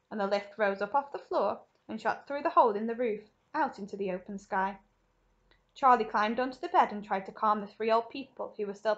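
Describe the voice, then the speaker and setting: A woman primary school teacher reading a story aloud to children in a lively, expressive way. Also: a little high, muffled recording.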